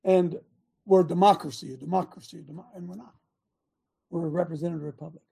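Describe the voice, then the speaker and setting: A man hosting a preaching talk show as a pastor, sarcastic and bursting into shouts. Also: on the high side, fairly even intonation, fast, creaky, husky. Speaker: pastor and radio host.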